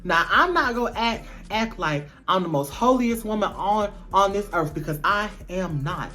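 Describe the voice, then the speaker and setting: A woman's voice: mid-range voice, expressive, moderate pace, sharp tone. A woman voicing her older mother, tearful and pleading one moment, firm and preachy about faith the next.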